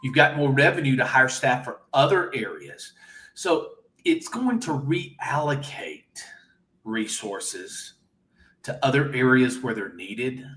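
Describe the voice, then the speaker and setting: An enthusiastic man speaks as an interview guest, telling stories with energy. His pitch is middling. The room gives a noticeable echo. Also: fairly bright tone. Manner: enthusiastic, storytelling. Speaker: guest, AI business owner. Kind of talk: casual interview.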